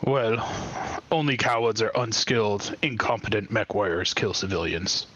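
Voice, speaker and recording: A man voicing an arrogant male mech pilot who talks slow, boastful trash talk. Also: on the low side, a bit bright, muffled recording, a little hiss or hum, natural voice. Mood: menacing, boastful.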